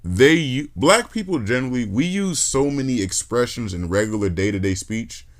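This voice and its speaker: A man hosting a podcast in casual chat, telling stories in an animated, joking, profane way. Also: medium pitch, moderate pace. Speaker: podcast host.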